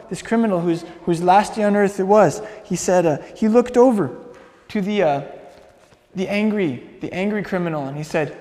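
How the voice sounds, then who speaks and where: A man's voice: sits high, normal speed, dark tone. A man preaching, retelling a story earnestly with many restarts and repeated words. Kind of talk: sermon storytelling. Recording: long hall reverb.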